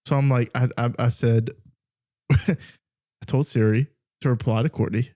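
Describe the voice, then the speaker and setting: A man's voice: mid-range voice, fairly even intonation, measured pace, dark tone. A young man co-hosting a podcast, telling stories in casual chat, often laughing and mimicking a voice assistant. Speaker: podcast co-host.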